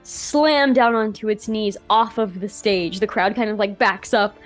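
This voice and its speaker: A woman running a tabletop game, narrating slowly and casually with plenty of "like"s. Her voice sits at a middle pitch, and faint music plays underneath. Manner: casual, filler-laden narration with many "like"s. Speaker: game master.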